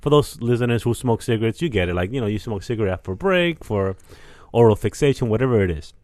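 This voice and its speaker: A man's voice: on the low side, lively intonation, quick pace, darkish tone, dry recording, studio quality. A man co-hosting a podcast in casual chat, laid-back, laughing often and swearing casually. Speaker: podcast co-host.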